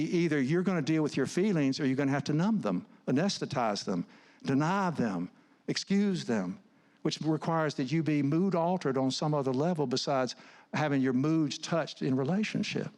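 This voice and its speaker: A man's voice: a little high, expressive, moderate pace, a little mellow. A middle-aged man, giving an earnest, conversational sermon full of personal stories, often restarting his words. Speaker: guest speaker, counselor. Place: church stage.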